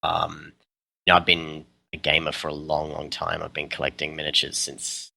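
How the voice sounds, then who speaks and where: A man with an Australian accent, a guest in a casual podcast interview, talking in an easygoing way with frequent laughs and pauses. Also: a bass voice, level tone, gravelly, bright, forceful tone, no room sound. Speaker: guest, custom terrain maker.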